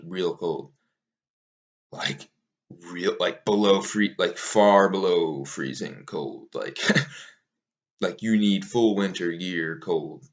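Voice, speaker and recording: A man casually recapping a long mountain race, rambling, swearing easily and laughing at himself. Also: sits low. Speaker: ultramarathon runner recounting a race.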